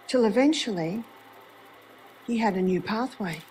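A woman's voice: medium pitch, expressive, measured pace, darkish tone, slight background noise. A woman giving a faith-based lecture, telling a story with rhetorical questions. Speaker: speaker.

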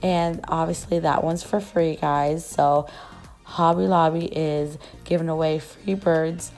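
A young woman vlogger, her voice still rough after losing it, chatting and gushing in a casual shop-with-me voice-over. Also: fairly low pitch, darkish tone. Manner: gushing, chatty, many fillers. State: rough voice, just recovering.

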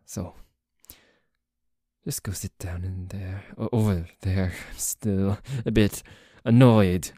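A low, mellow male voice takes things slowly with fairly even intonation, captured in studio quality without echo. The voice actor plays a protective young French nobleman in an audio role-play, faking a French accent; he turns indignant and commanding at a rival before softening tenderly toward his partner.

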